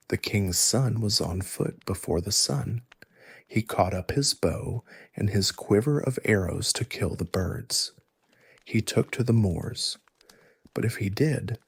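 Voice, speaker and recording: A man narrating a folktale in soft ASMR storytelling, hushed and soothing. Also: on the low side, gravelly, husky, no room sound. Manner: slow, hushed, soothing delivery.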